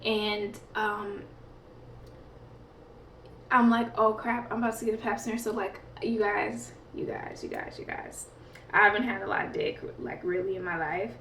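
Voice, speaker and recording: A woman's voice: mid-range voice, steady tone, normal speed, a bit bright, slight background noise. A woman vlogger telling a story in a rambling, chatty way, full of fillers and laughs. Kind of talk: casual storytime. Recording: echoey room, mic at a distance.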